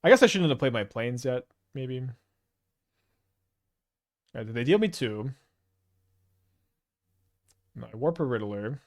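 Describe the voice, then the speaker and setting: A man's voice: medium pitch, animated, measured pace, long pauses. A man with a Canadian accent giving casual, rambling game commentary, thinking aloud with hesitant restarts. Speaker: gameplay commentator.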